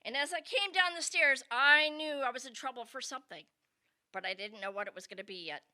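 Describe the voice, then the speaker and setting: A woman's voice: sits high, brisk, bright, forceful tone. A woman telling a comedic personal story with wry asides to her listeners.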